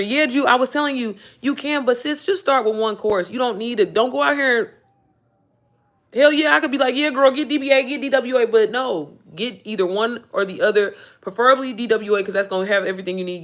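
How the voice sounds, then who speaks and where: A woman in her thirties hosting a casual livestream, talking animatedly with lots of swearing and reading out viewer comments. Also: medium pitch. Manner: animated, profane, calls viewers "baby" and "y'all"; reads and answers viewer comments. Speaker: livestream host. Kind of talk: casual motivational livestream chat.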